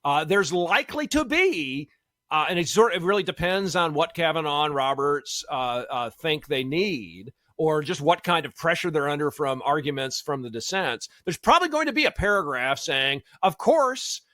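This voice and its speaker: A man's voice: fairly high pitch, sing-song, moderate pace, pushed and bright, no echo. A man, a law professor guest in a casual radio interview, thinking aloud with many fillers and restarts. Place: radio studio.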